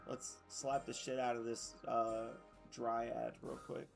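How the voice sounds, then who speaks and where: A man's voice: medium pitch, little pitch movement, slow pace, creaky, faint music behind. A man streaming a game in casual chat, rambling through stories, swearing and laughing as he goes.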